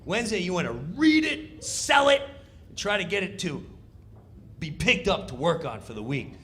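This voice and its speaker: A male comedian telling a backstage story in an animated, conversational stand-up style. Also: sits high, normal speed, slight background noise. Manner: animated, conversational, builds to punchlines.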